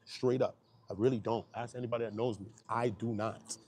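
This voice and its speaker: A man with a Brooklyn accent, a YouTube commentator in a slangy, emotional monologue, swinging from low, quiet talk to loud, high outbursts and often asking if you hear him. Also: steady tone, fairly quick, slight background noise. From Brooklyn, New York. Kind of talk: emotional casual monologue to camera.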